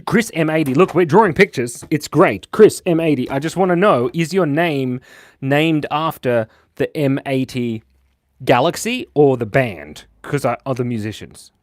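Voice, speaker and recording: A man's voice: mid-range voice, animated, moderate pace, no room sound, clean studio sound. A man hosting a live drawing stream, chatting playfully, joking and reading viewer comments aloud. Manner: playful, jokey, reads chat comments aloud. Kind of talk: casual live-stream chat while drawing.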